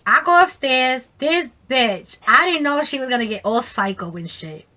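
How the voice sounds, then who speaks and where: A woman tells a story to her camera in a casual, animated, profane way, full of slang and quoted voices. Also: fairly high pitch, a little fast. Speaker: vlogger.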